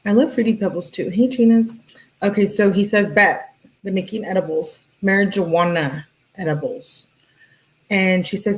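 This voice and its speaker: A woman with an ordinary middle-pitched voice reads text messages aloud in a relaxed, chatty way. She breaks off to comment and talk to her viewers between the lines. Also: a little slow, low-quality recording. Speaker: true crime commentator.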